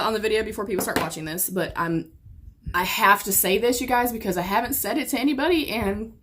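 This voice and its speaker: A woman, telling a painful story while getting ready, upset and close to tears, cursing often and jumping from low murmurs to sudden loud outbursts. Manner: heavy swearing, swings from quiet to sudden loud outbursts. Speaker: beauty vlogger. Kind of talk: emotional get-ready-with-me storytelling.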